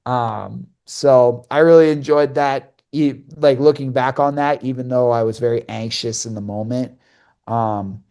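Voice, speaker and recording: A man's voice: mid-range voice, fairly even intonation, measured pace, vocal fry, darkish tone, smooth. Young man rambling through a podcast anecdote. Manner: rambling anecdote with many fillers and restarts, acting out quoted dialogue. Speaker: podcast co-host and hockey broadcaster. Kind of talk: casual storytelling.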